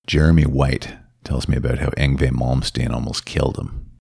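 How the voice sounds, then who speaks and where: A man's voice: a bass voice, steady tone, normal speed, vocal fry, darkish tone, breathy edge, no room sound, clean studio sound. A man hosting a music podcast, reacting with enthusiasm and laughing easily while introducing clips and asking questions. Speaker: podcast host. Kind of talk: casual interview chat.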